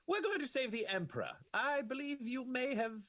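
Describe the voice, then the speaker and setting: A man's voice: very high-pitched, lively intonation, normal speed, fairly bright tone, voice pushed up. A man voicing a courteous, commanding male Inquisitor during a tabletop role-play, speaking in a polite, formal and reassuring manner.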